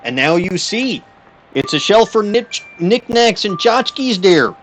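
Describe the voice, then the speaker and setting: A stubborn, boastful Canadian guy, as a man puts him on while streaming a game. His voice sits a little high and swings widely, and he tacks "there, eh?" onto every line in a heavy put-on Canadian accent. Quiet game music plays underneath. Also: sing-song, slow, heavily acted. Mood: hammy folksy. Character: folksy exaggerated Canadian man, stubborn braggart.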